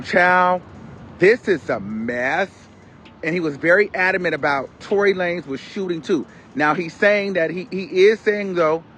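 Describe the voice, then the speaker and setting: Man, casual gossip commentary, fairly high voice, dramatic retelling, faint street noise behind. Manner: animated, dramatic retelling with exclamations. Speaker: commentary host.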